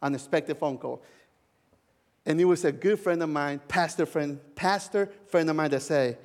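A male pastor preaching a sermon, telling a personal story in a heartfelt way with soft laughs. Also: on the high side, normal speed, long reverb tail.

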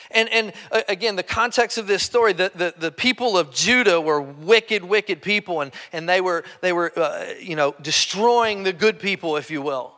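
A man's voice: high voice, normal speed, few pauses, sharp tone. A man preaching a sermon in a conversational way, often restarting and repeating words. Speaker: pastor. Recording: long hall reverb.

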